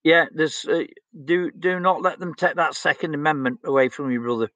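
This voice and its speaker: A man's voice: on the high side, normal speed, fairly bright tone, dry recording. A blunt, outspoken man, chatting casually as he reads out viewer comments on his stream. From England. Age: 60s. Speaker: livestream host.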